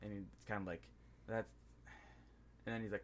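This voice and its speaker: Male podcast co-host, lowish voice, rambling casual recaps. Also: fairly even intonation, normal speed. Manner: rambling, acts out scenes in quoted voices. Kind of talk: casual movie review chat.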